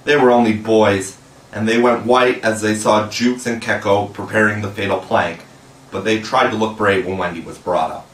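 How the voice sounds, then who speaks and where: A man's voice: fairly low pitch, steady tone, moderate pace, fairly bright tone. Man reading a storybook, roomy sound. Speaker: audiobook reader. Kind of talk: storybook narration. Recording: echoey room, mic at a distance.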